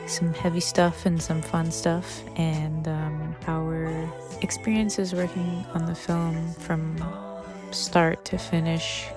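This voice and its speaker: A woman's voice: sits low, little pitch movement, slow, over music. A woman director giving a casual, rambling spoken introduction to a podcast about her film, grateful and full of fillers.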